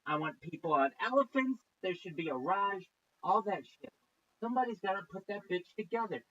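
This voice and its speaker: A man streaming as he reacts to videos, swearing constantly and mocking what he watches, with loud outbursts. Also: sits high, expressive, brisk, dull audio. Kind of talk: profane reaction rant.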